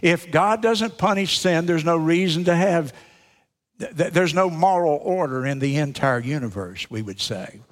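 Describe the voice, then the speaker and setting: Male preacher, earnest direct sermon delivery, slightly high-pitched voice. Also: expressive, moderate pace. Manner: earnest, addresses listeners directly. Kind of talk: sermon with storytelling.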